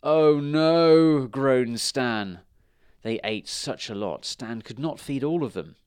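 Animated man reading a children's book. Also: medium pitch, takes it slowly, dry recording, studio quality. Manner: expressive, animated read-aloud. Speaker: reader. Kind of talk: reading a children's storybook aloud.

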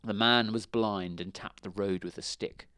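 A man reading a children's storybook aloud in a measured, expressive way. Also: on the low side, no room sound, studio quality.

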